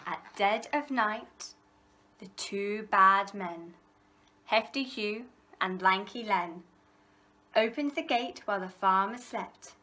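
Reading a rhyming children's picture book at a slow pace, a woman who works as a library storyteller uses her mid-range voice rhythmically and expressively. She adds playful animal sounds along the way.

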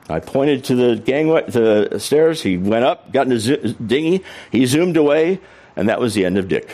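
A middle-aged man telling a funny story from his travels to a live audience. His pitch swings widely as he acts out the other people in the tale, and his middle-height voice stays conversational. He tells it with a humorous, animated delivery. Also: moderate pace. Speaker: author and speaker.

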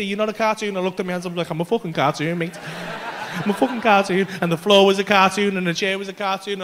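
Man, English accent, stand-up comedian, very high voice, animated sweary storytelling, club stage mic. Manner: animated, swearing, acts out both sides of a story.

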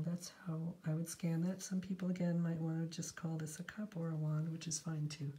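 A middle-aged woman teaching poetic meter in a relaxed, casual lesson, talking through her markings and now and then dropping to a whisper. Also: low-pitched, slight background noise, rough recording. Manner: relaxed, talks aloud while marking a poem, sometimes drops to a whisper. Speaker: poetry teacher.

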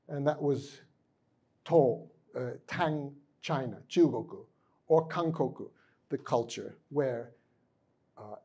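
In a large conference room, an American guest lecturer gives a university lecture, putting questions to the audience and mixing Japanese phrases into his English. His voice sits on the high side, warm with a breathy edge.

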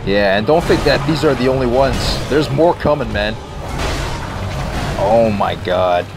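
A man's voice: medium pitch, lively intonation, measured pace. A young man giving profane, exasperated, sarcastic gameplay commentary, his voice cracking. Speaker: let's play gamer. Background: game music.

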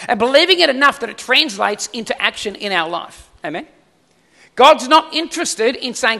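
A man delivers a sermon in a very high, bright voice, speaking in a conversational way and putting frequent questions to his listeners. His voice rings out with a long reverberant tail from a large hall. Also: expressive, normal speed, gravelly. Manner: conversational preaching with rhetorical questions. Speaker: pastor.

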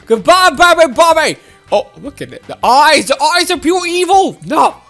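Woman gaming host, very high and bouncy voice, excitable running commentary over faint game music. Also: a little slow. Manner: excitable, exclaiming and laughing at the game.

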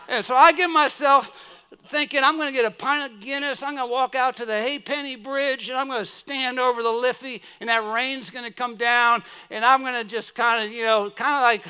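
A middle-aged American man giving a sermon as guest preacher, telling a story and swinging from soft murmurs to loud exclamations. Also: very high voice, clear, resonant tone. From United States. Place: church.

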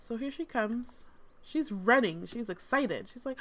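A woman's voice: on the high side, lively intonation, unhurried. A woman host giving casual, amused gameplay commentary, chatty with lots of fillers. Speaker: gaming channel host.

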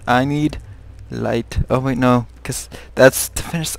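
A young man giving live commentary on a horror game, muttering to himself and breaking into high, panicked shrieks. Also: fairly even intonation, slow, creaky, no echo. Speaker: gaming video host.

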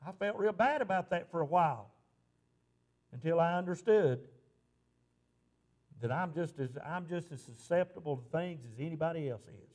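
A high-pitched male pastor preaching a sermon. He tells a personal story in a conversational way, then lifts into impassioned preaching. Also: animated, normal speed, long pauses, a little mellow.

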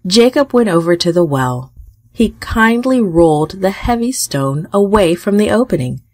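A woman telling a Bible story for children in a gentle, expressive reading. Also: fairly low pitch, no room sound, clean studio sound. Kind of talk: scripted narration for children.

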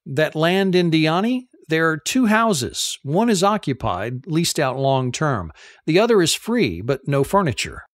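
A man voicing a sharp-tongued young Kenyan woman in an audiobook, speaking slowly with his pitch lifted a little. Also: big pitch swings, no room sound, clean studio sound. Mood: measured.

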